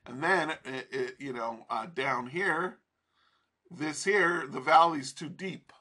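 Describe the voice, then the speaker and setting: A man's voice: fairly high pitch, takes it slowly, pushed and bright, slightly rough. A man teaching trading over a chart in a casual, profane, rambling way, laughing often. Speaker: trading instructor.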